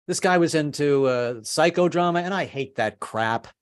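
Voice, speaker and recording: A man in his fifties doing a stand-up comedy set, stammering and self-deprecating, with sudden high put-on voices for other people. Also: expressive, moderate pace, smooth.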